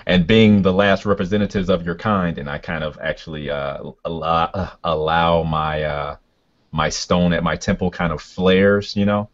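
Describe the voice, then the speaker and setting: A man playing a tabletop game, describing his character's actions with halting speech and many fillers, in a dull lo-fi recording. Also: low voice, steady tone. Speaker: player.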